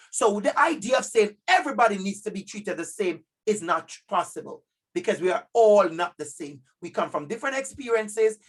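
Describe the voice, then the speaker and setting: Speaking in a Jamaican accent, a man delivers an energetic keynote workshop to parents via video call, naming audience members and repeating key words to stress them. His voice sits high and is slightly rough.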